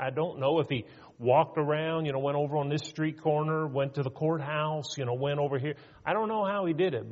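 An earnest man preaching a sermon in a mid-pitched voice, emphatic and full of rhetorical questions. His voice rings with a long hall reverb, and the recording sounds dull and lo-fi.

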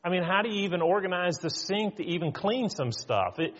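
A man's voice: high-pitched, expressive, a little fast. A middle-aged male pastor preaching a sermon in a conversational way, often acting out quoted voices. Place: church sanctuary. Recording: muffled church hall with long reverb.

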